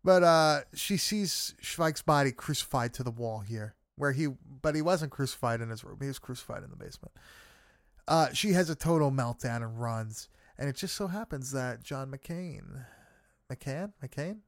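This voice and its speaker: A man's voice: mid-range voice, animated, moderate pace, dry recording, clean studio sound. A man in casual chat, recapping a film with friends, swearing freely and laughing often. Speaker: podcast co-host recapping a film.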